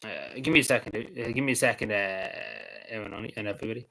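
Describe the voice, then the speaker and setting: A man hosting a casual livestream, talking in a halting, rambling way with frequent laughs and restarts. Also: fairly low pitch, pushed and bright, poor audio. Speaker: livestream host.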